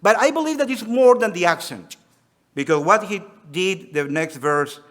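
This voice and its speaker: A male preacher whose accent blends Spanish with Australian. He has a somewhat high voice. He preaches in an earnest way, reading scripture and acting out the quoted lines. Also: expressive, moderate pace, fairly bright tone. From Spanish-speaking country. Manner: earnest, reads scripture aloud and acts out quotes. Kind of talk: sermon.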